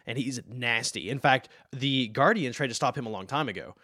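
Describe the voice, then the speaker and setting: A man in casual chat who explains comic lore with enthusiasm, often trailing off quietly. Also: medium pitch, fairly quick, husky, no room sound, studio quality. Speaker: podcast co-host explaining comics.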